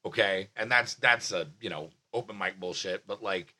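A man, a comedian telling a story in casual podcast chat, profane and animated, full of restarts and fillers. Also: low-pitched, normal speed. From Staten Island, New York.

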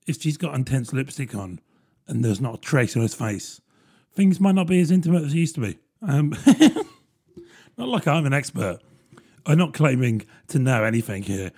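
A man's voice: mid-range voice, very animated, normal speed, a little mellow, husky. A man, rambling through a casual solo podcast with plenty of fillers and self-deprecating asides. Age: 30s. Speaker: podcast host.

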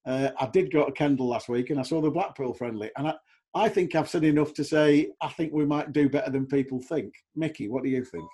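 A middle-aged man with a mellow, husky voice that sits a little high for a man. He hosts a relaxed football chat and tells his stories in a lively way, acting out the people in them. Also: brisk. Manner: chatty, animated storyteller who mimics others. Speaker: podcast host.

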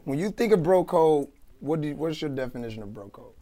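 Guy hosting a podcast, joking around loud, kinda high voice. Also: lively intonation, brisk. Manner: loud, joking, drives the questions. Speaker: podcast host. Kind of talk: casual chat.

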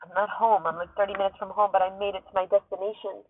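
A woman's voice: mid-range voice, little pitch movement, fast, narrow, tinny audio. A woman hosting a podcast from her car, tearful and shaken, talking urgently and swearing often in an emotional monologue. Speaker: podcast host. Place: parked car.

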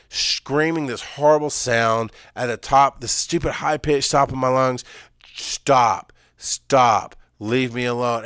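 A man telling an emotional personal story, swinging from loud, urgent emphasis to hushed, halting recall. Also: mid-range voice, no room sound, clean studio sound. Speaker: speaker sharing personal story.

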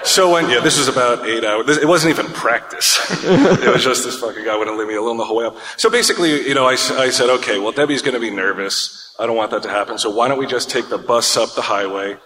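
Speaking quickly with hardly any pauses, this male co-host has a mid-range voice and a sharp tone. His long, meandering, foul-mouthed podcast story unfolds in casual banter, punctuated by laughter, inside a room with lengthy reverb.

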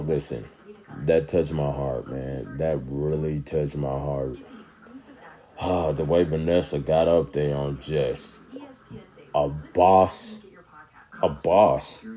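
A mellow, rumbling low male voice belongs to a vlogger speaking casually to camera. He's laid-back and meandering, frequently checking in with "you know what I'm saying."

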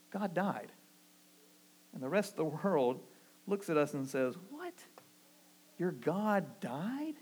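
Male pastor, Southern accent, sermon delivery, earnest, slightly high-pitched. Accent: Southern American. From American South. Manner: earnest preaching, rising emphatic on key phrases, dropping low and soft for quotes.

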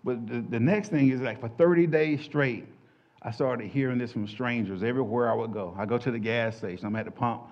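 A man, a pastor telling his testimony in an animated, colloquial way, acting out the quotes. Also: medium pitch, fairly quick. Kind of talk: personal testimony storytelling. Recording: dull lo-fi recording.

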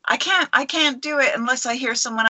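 A woman's voice: sits high, brisk, crowd noise. A woman co-hosting a casual podcast over a video call, rambling enthusiastically through a creature legend with many fillers. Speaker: podcast co-host. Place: at home.

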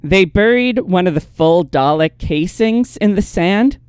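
Male podcast host, clear and crisp, relaxed storyteller, dead-dry booth sound. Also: sits high, a little slow, dry recording. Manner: relaxed storyteller, laughs easily. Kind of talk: casual chat recapping episodes.

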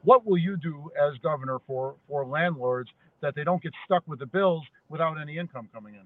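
A man's voice: on the high side, fairly quick. A man co-hosting a podcast, asking a question hesitantly with many fillers. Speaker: podcast co-host. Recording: tinny phone line.

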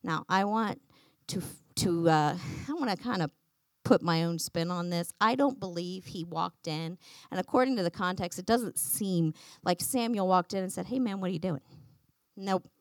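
A woman teaching a Bible lesson to a congregation, animated and acting out the quotes. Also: on the low side, moderate pace, no room sound. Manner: animated, acts out quotes, laughs often.

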